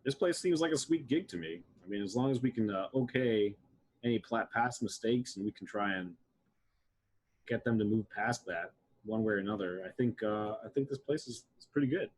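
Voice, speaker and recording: A man's voice: fairly low pitch, brisk, husky. A man playing in a tabletop role-playing game, talking in a rambling, hesitant way with many restarts. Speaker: player. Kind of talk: casual tabletop play.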